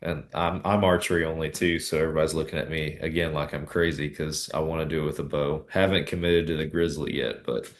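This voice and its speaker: A man's voice: very deep voice, level tone, fast, few pauses, a little hiss or hum. A man hosting a podcast interview, easygoing and often restarting his sentences. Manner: easygoing, hesitant, many restarts. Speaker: podcast host. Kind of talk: casual interview.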